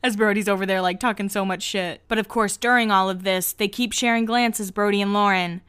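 Host, female, mid pitch, smooth and clear, chatty recap full of 'like'. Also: fairly even intonation, fairly quick, a bit bright. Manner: chatty, heavy use of 'like', laughs often. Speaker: podcast host. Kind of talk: casual episode recap.

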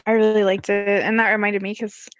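A woman co-hosting a podcast in casual chat, easygoing and quick to laugh and agree. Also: mid-range voice, flat delivery, dry recording, dull audio. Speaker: podcast co-host.

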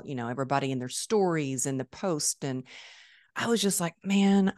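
Low-voiced woman host telling a story. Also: no echo, clean studio sound. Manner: animated storyteller, acts out quoted voices. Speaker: podcast host. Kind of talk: conversational interview storytelling.

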